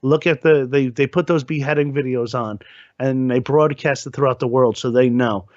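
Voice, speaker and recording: Halting man on a dull lo-fi mic. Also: medium pitch, steady tone, no echo. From New Jersey. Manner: halting, repeats his words. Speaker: podcast co-host. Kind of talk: casual chat.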